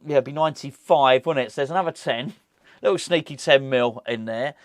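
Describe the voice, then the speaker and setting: A man hosting a football fan channel, chatting in a casual, rambling and excitable way, often laughing at his own asides. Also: mid-range voice, fairly quick, no room sound, clean studio sound. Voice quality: moustache. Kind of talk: casual fan vlog chat.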